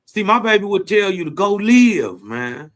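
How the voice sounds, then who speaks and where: A man with a Southern US accent, a grieving guest on a livestream, talking slowly and reflectively. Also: high-pitched, very animated, crowd noise. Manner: slow, reflective, grieving father. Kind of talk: emotional livestream talk.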